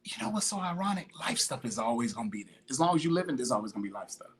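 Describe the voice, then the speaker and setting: A man's voice: mid-range voice, big pitch swings, rapid-fire, crowd noise. Emphatic slangy man preaching fitness. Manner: greets viewers by name mid-talk. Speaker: podcast host, fitness motivator. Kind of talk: motivational monologue.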